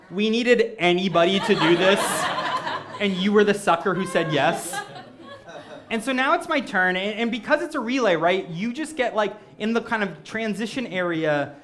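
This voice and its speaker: A man performing stand-up storytelling on stage before a live audience, animated and self-mocking. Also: high-pitched. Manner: animated, self-mocking, acts out quoted voices. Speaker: comedic storyteller.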